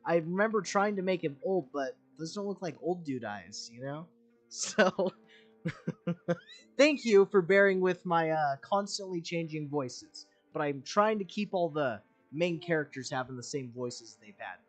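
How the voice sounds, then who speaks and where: A man's voice: fairly high pitch, animated, measured pace, soft background music. A young man streaming a game, talking in casual commentary, rambling and candid, with frequent fillers and the odd curse.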